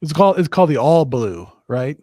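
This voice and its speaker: A man's voice: on the high side, sing-song, brisk, a loud crowd. A man co-hosting a casual anime review chat, mostly chiming in and agreeing. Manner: agreeable, chimes in with short affirmations. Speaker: movie review co-host.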